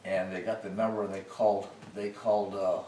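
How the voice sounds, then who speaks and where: A man's voice: deep voice, fairly quick. An older man, a military veteran, telling folksy stories from his service days in a casual interview. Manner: folksy, animated when recounting arguments. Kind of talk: casual storytelling. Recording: roomy, distant mic with faint noise.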